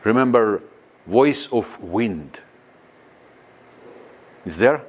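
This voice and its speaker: Man, spiritual teacher, slow guided meditation, lively ups and downs, halting non-native English, lowish voice. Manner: slow and lively, questions the audience.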